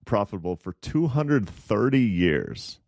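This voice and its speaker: Podcast co-host, male, low voice, dry close sound, rambling contrarian chat. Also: sing-song, measured pace, vocal fry, a little mellow, no echo. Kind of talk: casual investing chat.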